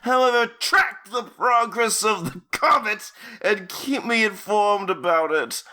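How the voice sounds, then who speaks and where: Man doing a slow grandiose alien villain captain. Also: high-pitched, expressive, pushed and bright, voice pushed up, exaggerated voice. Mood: commanding. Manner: slow, drawn-out, grandiose delivery. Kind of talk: comedic fanfic reading.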